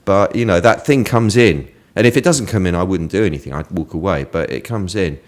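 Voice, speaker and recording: Guy with a really low voice telling stories, laughs a lot, pretty animated. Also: brisk. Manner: lively storyteller who laughs often. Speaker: interview guest. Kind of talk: animated storytelling in casual conversation.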